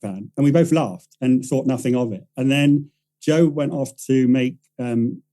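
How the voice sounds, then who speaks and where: Here the man talks unhurriedly, his medium-pitched voice warm over a rough recording. A guest on a casual podcast, the writer-director rambles and self-corrects through a story while acting out other people's voices.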